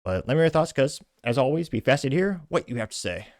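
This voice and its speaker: Male podcast host, mid-range voice, quick scornful delivery, dry booth sound. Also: mid-range voice, big pitch swings, no room sound. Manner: brisk, scornful commentary between read-out quotes. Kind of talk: reading out and commenting on social media posts.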